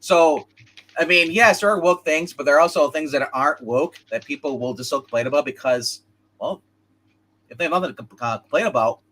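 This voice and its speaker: A man's voice: on the high side, a little fast, a bit bright. A man co-hosting a casual comics livestream, rambling and opinionated as he chats with a co-host and viewers. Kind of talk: casual live-stream chat.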